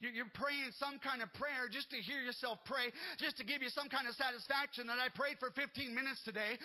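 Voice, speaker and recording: A male pastor preaching a sermon, swinging from repeated shouted lines to quieter, confiding stretches. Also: extremely high pitch, steady tone, fairly quick, hardly any pauses, poor audio.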